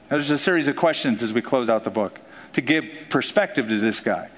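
A man preaching a sermon in an animated, joking way, acting out the voices of the people in his stories. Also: medium pitch, fairly quick. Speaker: pastor. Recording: long hall reverb.

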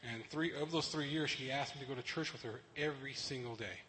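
Man giving a halting church testimony. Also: medium pitch, pushed and bright, slight background noise, rough recording. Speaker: church member sharing testimony. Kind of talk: personal testimony.

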